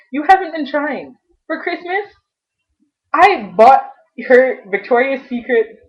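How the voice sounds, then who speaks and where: A young adult woman venting in a personal vlog, frustrated and halting, often restarting her sentences. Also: a little high. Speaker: vlogger. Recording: dull lo-fi webcam audio.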